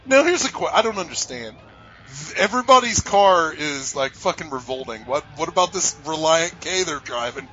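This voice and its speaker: A man's voice: on the high side, lively intonation, moderate pace, fairly bright tone, dull audio. A man co-hosting a casual movie commentary podcast, blunt and sarcastic, swearing constantly. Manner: profane, blunt, sarcastic jokes. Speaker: podcast co-host.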